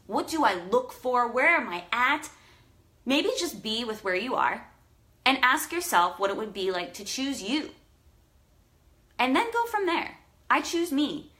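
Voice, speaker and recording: A woman's voice: a little high, bright, forceful tone. A woman life coach in a motivational vlog, talking straight to her viewers, emotional and effusive, with frequent swearing for emphasis. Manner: effusive, profane, emphatic pep talk.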